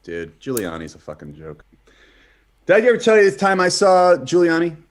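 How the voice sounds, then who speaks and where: A man's voice: fairly high pitch, wildly swooping pitch, normal speed. A man co-hosting a podcast, telling rambling, profane stories in casual chat, full of fillers and restarts. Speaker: podcast co-host. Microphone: streamed podcast mic.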